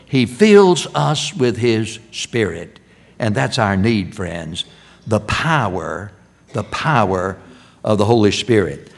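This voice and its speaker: An older man preaching a sermon in a church, repeating key phrases and swinging from loud emphasis to hushed lines. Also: on the low side, big pitch swings, slow, gravelly. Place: church sanctuary.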